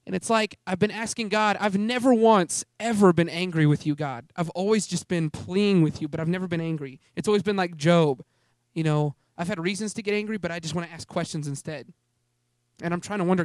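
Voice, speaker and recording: At a youth ministry gathering, a young adult man gives an earnest testimony sermon that rambles, often breaking off to restart sentences. His high-pitched voice moves briskly, captured in studio quality without echo.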